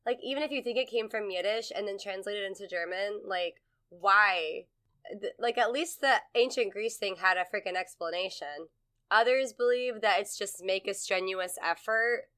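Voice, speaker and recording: A woman's voice: medium pitch, fairly bright tone. A young woman co-hosting a casual podcast chat, rambling and swearing freely with frequent laughs. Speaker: podcast co-host.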